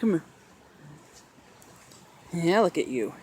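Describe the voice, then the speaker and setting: A woman's voice: medium pitch, big pitch swings, measured pace, pauses often, darkish tone, breathy edge. A woman walking outdoors with a handheld camera, chatting in a sing-song pet voice to her parrot. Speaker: vlogger. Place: outdoors on a street in the rain. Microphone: handheld camera while walking.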